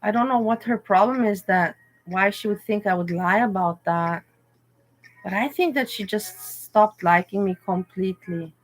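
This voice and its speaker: A woman's voice: mid-range voice, normal speed. A woman hosting a livestream, talking in a candid, rambling, emotional way. She tells personal stories in a casual chat. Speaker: livestream host.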